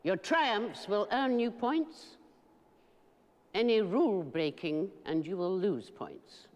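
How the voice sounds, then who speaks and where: An actress playing a stern, strict older woman professor, addressing new pupils in a formal, measured way. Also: medium pitch, lively intonation. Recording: film clip with score, reverberant hall. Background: orchestral music.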